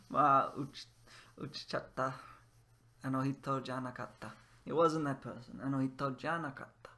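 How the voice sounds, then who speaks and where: A language teacher plays a game while teaching Japanese, commenting casually in a mid-range, bright, forceful voice at an unhurried pace. He tries out Japanese phrases, explains them in English, and muses aloud.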